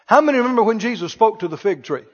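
A man preaching a sermon, animated, asking the congregation questions and acting out scenes. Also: high-pitched, very fast. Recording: reverberant church hall, dull lo-fi sound.

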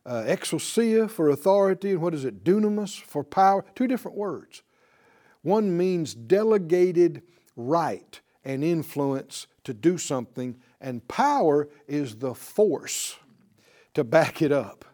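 A man delivers a Bible lesson in a preaching style, his high voice swinging widely in pitch as he stresses key words. He keeps turning to his listeners for a response. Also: animated, measured pace, warm tone. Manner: calls out to the audience for responses; emphatic, rising on key words. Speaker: Bible teacher.

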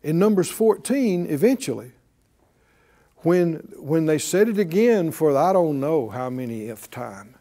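A man preaching a conversational sermon, asking his listeners questions and chuckling along the way. His voice sits high and swoops widely. The tone is mellow and dark, and he speaks slowly. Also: animated. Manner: conversational, asks the audience questions, chuckles often. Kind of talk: sermon teaching.

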